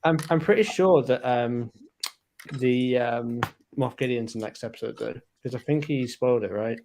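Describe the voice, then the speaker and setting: A man's voice: medium pitch, normal speed, background noise. A man in a casual chat, rambling and stubborn, full of "like" fillers.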